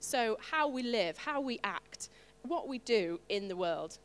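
Woman pastor, animated sermon delivery, a little high-pitched, reverberant church hall. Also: slow. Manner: animated, playful asides to the congregation.

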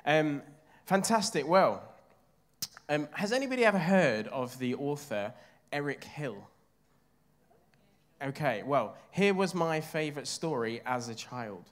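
A man's voice: a little high, animated, unhurried. A man from England preaching a sermon, chatting with his congregation and asking them questions.

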